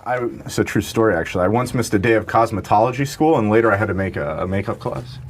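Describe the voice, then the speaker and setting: A man in his thirties in a casual chat, chiming in with quick, crude quips. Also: lowish voice, slight background noise. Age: 30s.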